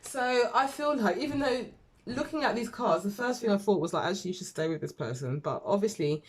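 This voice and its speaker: A woman's voice: medium pitch, animated, a little fast, husky. Chatty woman doing a tarot reading. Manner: chatty, rambling, self-deprecating, with fillers and laughs. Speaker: tarot reader. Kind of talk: casual tarot reading to camera.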